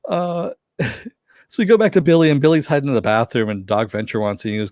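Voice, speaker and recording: A man's voice: mid-range voice, a little fast, dry recording, clean studio sound. A man hosting a casual review chat, recapping scenes and acting out the characters' lines. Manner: animated, acts out characters' lines with laughs. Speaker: podcast host reviewing a cartoon episode.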